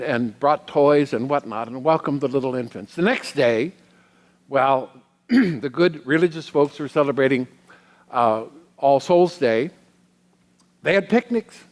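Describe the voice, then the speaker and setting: A man's voice: fairly high pitch, darkish tone. Reflective male minister in a reverberant hall. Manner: reflective, personal storytelling with pauses. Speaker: guest minister. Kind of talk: sermon.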